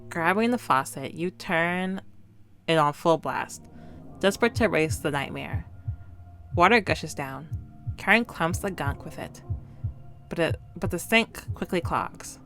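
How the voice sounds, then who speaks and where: A woman's voice: on the low side, lively intonation, unhurried, long pauses, fairly bright tone, soft background music. A woman streaming a horror game, reading its narration and dialogue aloud and breaking off to react.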